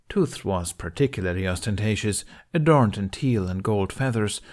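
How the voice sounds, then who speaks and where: A man with a lowish voice reads a story aloud at an unhurried, even pace. His narration is calm and steady. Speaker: podfic reader. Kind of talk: story reading.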